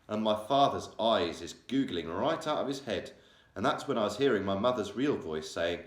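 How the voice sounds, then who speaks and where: Animated man reading a children's story. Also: fairly low pitch, normal speed. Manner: animated, changing voices for characters. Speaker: primary school teacher. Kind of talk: reading a children's novel aloud. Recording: echoey room.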